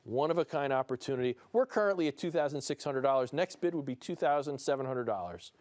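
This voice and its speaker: A man's voice: medium pitch, expressive, fast talker, a little mellow. A man with a New Jersey accent hosts a live broadcast auction, calling bids in a playful, enthusiastic way and chuckling between calls. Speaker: auctioneer and show host. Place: studio room with a small audience.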